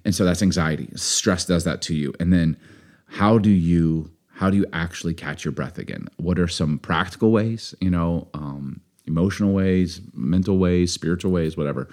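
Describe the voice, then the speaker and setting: A man with a very low voice hosts a podcast with his wife. He talks in a loose, rambling way and slips in small jokes. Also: normal speed. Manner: relaxed, rambling, joking. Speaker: podcast co-host. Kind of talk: casual podcast chat.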